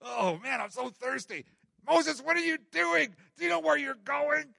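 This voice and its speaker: A man's voice: very high-pitched, measured pace, vocal fry, bright, forceful tone, no echo, clean studio sound, voice pushed up, exaggerated voice. A male pastor voicing a whiny, nagging desert wanderer who complains about the heat and thirst, in a sermon. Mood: whiny grumbling.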